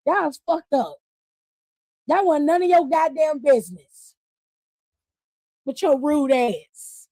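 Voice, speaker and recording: High-voiced woman ranting on a live stream. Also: no room sound. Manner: animated, profane, laughing, reads chat aloud. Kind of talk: casual live-stream wrestling recap.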